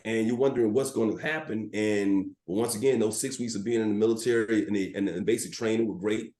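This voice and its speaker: A middle-aged man with a low voice tells stories in an animated, filler-laden way during a podcast interview. The recording has a noticeable roomy echo around him. He sounds like a seasoned broadcaster settling into an anecdote. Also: fairly quick. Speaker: sports broadcaster, guest.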